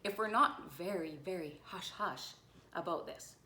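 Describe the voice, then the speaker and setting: A woman voicing a brisk, no-nonsense school nurse in a storybook, firm and emphatic. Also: fairly low pitch, sharp tone. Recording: roomy echo.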